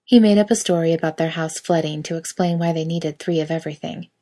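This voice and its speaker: A woman reading a piece of fiction aloud in a steady storytelling manner. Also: low voice, fast. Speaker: reader. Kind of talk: audiobook reading of fan fiction.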